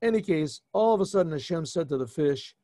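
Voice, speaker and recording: A man, a rabbi, retelling a scripture story to his class in an animated way, often restarting and adding asides. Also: a little high, fairly quick, dry recording. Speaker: rabbi teaching a yeshiva class. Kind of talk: informal storytelling lesson.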